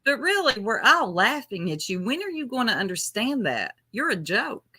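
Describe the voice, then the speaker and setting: Bright-voiced mocking woman. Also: fairly high pitch, very animated, moderate pace, slightly rough. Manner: mocking, laughs often. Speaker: co-host. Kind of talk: casual live-stream commentary.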